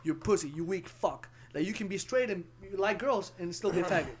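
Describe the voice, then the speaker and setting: A man's voice: high-pitched, brisk. A young man hosting a casual podcast, talking loosely and profanely and acting out what others say. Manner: loose, profane, animated storytelling. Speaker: podcast host.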